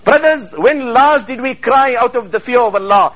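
A man preaching a fervent sermon to a congregation, quoting Arabic in rapid chanted bursts. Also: extremely high pitch, a bit bright, poor audio. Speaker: Islamic preacher.

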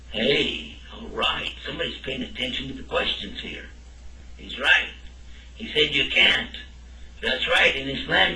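Man, religious teacher, lecture style, questions the class, echoey room, distant mic. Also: on the high side. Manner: lively, quizzes listeners with questions.

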